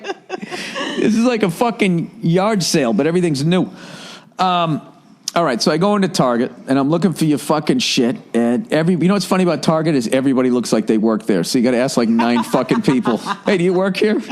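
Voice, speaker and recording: A man spins a profane comic story on a podcast, his voice sitting a little high for a man. He rants and riffs with loose, animated energy and keeps laughing at his own lines. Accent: Boston. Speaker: podcast host. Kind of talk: comedic storytelling.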